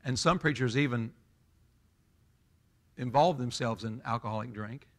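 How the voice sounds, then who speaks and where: A man over fifty, preaching a sermon in an emphatic, folksy way that swells loud. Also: mid-range voice, a little slow. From Southern US. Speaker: pastor.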